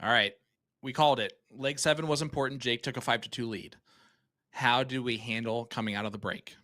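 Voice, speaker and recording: A man's voice: medium pitch, fairly even intonation, a little fast, sharp tone. A man doing live darts commentary, cracking jokes and teasing banter between throws.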